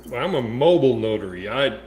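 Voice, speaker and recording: A man chatting as a panel guest, telling joking stories in an animated, casual way. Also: mid-range voice, fast talker, a crowd in the background. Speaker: panel guest, delivery driver and mobile notary. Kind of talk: casual storytelling chat. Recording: echoey room with faint noise.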